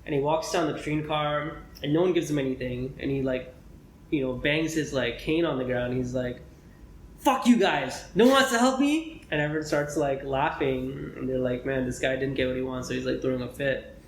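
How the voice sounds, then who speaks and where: A young man, a medical student co-hosting a podcast, chatting casually and rambling with lots of fillers and throat clearing. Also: medium pitch, little pitch movement, fairly quick. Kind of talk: casual chat. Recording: echoey room with faint noise.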